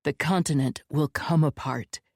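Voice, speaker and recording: A woman's voice: low voice, unhurried, gravelly, no room sound, clean studio sound, exaggerated voice. A woman voicing an anguished stern older man. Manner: pleading, forceful.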